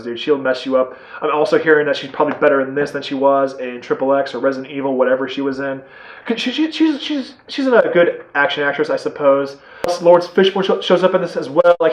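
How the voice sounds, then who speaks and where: A man giving a casual, spoiler-filled movie review, rambling and excitable, full of "like" and casual swearing. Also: mid-range voice, echoey room, dull audio.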